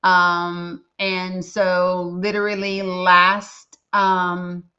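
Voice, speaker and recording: A woman with a lowish, sharp-toned voice speaks very slowly and in a monotone as she hosts a casual livestream. Earnest and emotional, she reads names aloud from the chat, and the lo-fi recording is slightly dull.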